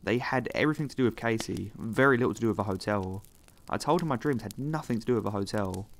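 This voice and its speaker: A man giving scripted narration of horror stories, reading in a calm, steady way. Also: on the low side, quick pace, creaky.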